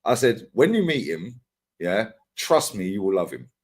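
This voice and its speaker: A man in casual podcast chat, telling animated stories full of slang and swearing and acting out what others said. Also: on the low side, moderate pace. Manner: animated storytelling, acts out quotes, swears freely, lots of slang. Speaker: podcast co-host.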